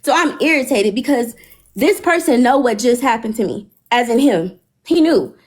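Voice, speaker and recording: Woman, high voice, live stream host, animated storytelling, profane. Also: moderate pace. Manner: animated, profane, retells dialogue. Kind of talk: casual storytelling chat.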